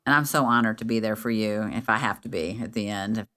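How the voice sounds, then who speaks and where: A woman's voice: rumbling low, a little fast, sharp tone. A woman guest on a podcast, speaking candidly in casual chat.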